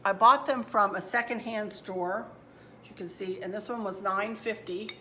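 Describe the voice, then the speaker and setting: At medium pitch and normal speed, her tone is steady yet pushed and bright, with a faint hiss or hum underneath. She's a middle-aged home decor channel host chatting homily from indoors, calling viewers y'all while presenting fall decorations and crafts.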